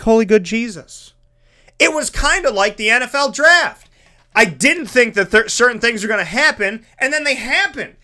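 Bright high-voiced excitable man. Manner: animated, emphatic, dramatic voice swings. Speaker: broadcaster and entertainment show host. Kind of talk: excited casual monologue.

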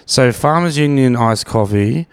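A man's voice: medium pitch, animated, unhurried, smooth. A man with an Australian accent, hosting a podcast in casual chat, rambling and often repeating words. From Brisbane, Australia. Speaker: podcast host.

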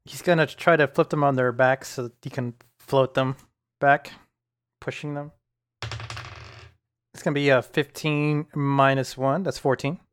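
A man playing a tabletop game, calmly explaining his character's actions step by step. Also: mid-range voice, unhurried, pauses often, clear, resonant tone. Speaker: player. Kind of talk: casual tabletop play.

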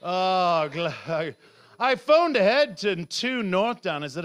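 A middle-aged man from Canada performs stand-up with an unusually high voice. He rambles, shouts lines for effect and laughs through his own bits. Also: big pitch swings, slow. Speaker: stand-up comedian. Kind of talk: live stand-up set. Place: comedy club stage.

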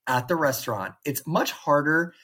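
A man's voice: fairly high pitch, lively intonation, normal speed, bright, forceful tone. A man co-hosting a podcast in casual conversation, telling stories and acting out bits of dialogue. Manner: storytelling, acts out quoted dialogue. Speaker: podcast co-host.

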